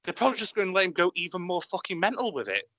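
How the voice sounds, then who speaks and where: A man chatting excitedly on a podcast, swearing freely and gushing about films. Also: sits high, quick pace, no echo. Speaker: podcast co-host. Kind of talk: enthusiastic casual chat.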